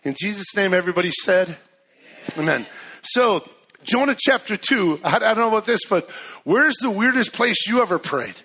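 Excited, high-voiced male preacher. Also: moderate pace, husky. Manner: excitable, chatty, lots of restarts and laughs. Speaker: guest speaker. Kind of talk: sermon with storytelling. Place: church.

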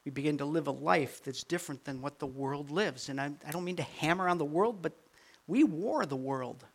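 An older man, a grandfather, preaching a sermon with animated swings from quiet asides to near-shouted peaks. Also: on the high side, fast talker. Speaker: pastor.

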